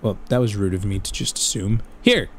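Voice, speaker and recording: A man giving excitable, profane let's play commentary, talking straight to his viewers and dropping Spanish slang exclamations. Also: lowish voice, brisk. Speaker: gaming channel host.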